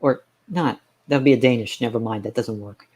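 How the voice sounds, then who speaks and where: A man's voice: mid-range voice, brisk, a little mellow. A man chatting casually on a live stream, ranting sarcastically and rambling with frequent restarts. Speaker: game streamer.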